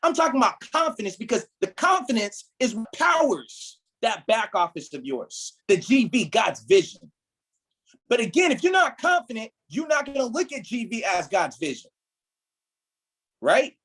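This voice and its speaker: A man's voice: very high voice, big pitch swings, moderate pace, a bit bright, breathy edge, low-quality recording. A man leading a motivational training talk for his team as their mentor, emphatic and preachy, often checking in with "right?". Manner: emphatic, repeats "right?", preachy build-ups.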